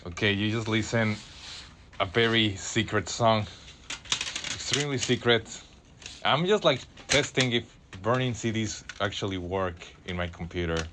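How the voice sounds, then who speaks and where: Rambling low-voiced male radio host. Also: background noise. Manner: rambling, halting, many fillers and restarts. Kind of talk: casual solo radio talk. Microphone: studio microphone.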